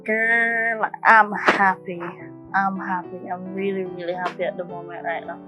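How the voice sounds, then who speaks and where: A woman's voice: medium pitch, flat delivery, a little slow, sharp tone, soft background music. A woman with a Jamaican accent playing a scheming employee in a comedy skit, speaking playful patois and calling everyone boss.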